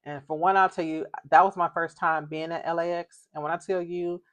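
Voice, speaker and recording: Woman, middle-aged, casual storytime, animated, laughing, dry close mic. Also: on the low side, brisk, no echo. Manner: animated, laughing, acts out quoted voices. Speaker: vlogger telling a story.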